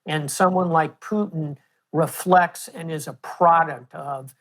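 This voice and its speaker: A man in his sixties with an American accent, a guest answering interview questions in a measured, storytelling way. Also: on the high side, steady tone. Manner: measured, storytelling with historical examples. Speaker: guest, retired admiral.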